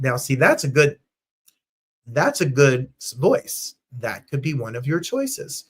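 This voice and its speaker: This host, a man in his thirties from New Jersey, talks slowly in a husky voice on a lively live-stream chat show. Bubbly and effusive, he sometimes slips into falsetto squeals and bits of singing.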